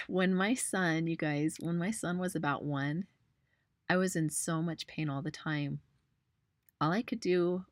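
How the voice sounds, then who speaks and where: A woman in her thirties with a low voice presents a webinar as a personal trainer. She is chatty and personal, calls her viewers "you guys" and laughs easily. The sound is close and dry. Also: steady tone, unhurried, no echo.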